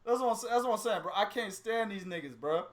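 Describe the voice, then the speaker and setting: A man hosting a boxing podcast, chatting casually, animated and profane, laughing often. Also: high-pitched, fast talker, slight background noise. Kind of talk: casual chat.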